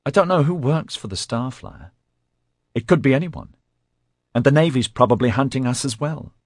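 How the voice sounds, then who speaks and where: A man's voice: animated, normal speed, no echo, studio quality. A man reading an audiobook and voicing a nervous, whiny, clingy young man with a petulant, anxious manner in a raised voice. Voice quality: whiny, high-pitched. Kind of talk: audiobook character voice.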